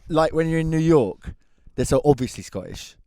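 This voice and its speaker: An English man co-hosting a podcast, telling a long anecdote in a lively, laughing way. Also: a little high, moderate pace, creaky, dry recording, studio quality. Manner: animated storyteller, laughs through his tale. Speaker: podcast co-host. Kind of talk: casual chat, anecdote telling.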